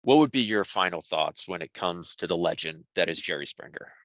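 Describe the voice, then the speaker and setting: A man's voice: low voice, animated, a little fast, a bit bright, no room sound. A man interviewing a guest, asking conversational, leading questions. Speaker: entertainment news interviewer. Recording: dry, slightly dull sound.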